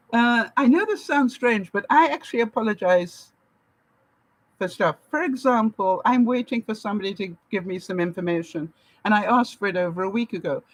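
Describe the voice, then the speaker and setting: A woman's voice: mid-range voice, lively intonation, normal speed, long pauses, dry recording, poor audio. A woman from Canada giving casual advice to her viewers, laughing often and acting out the lines she quotes. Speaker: vlogger. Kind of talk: casual advice talk to camera.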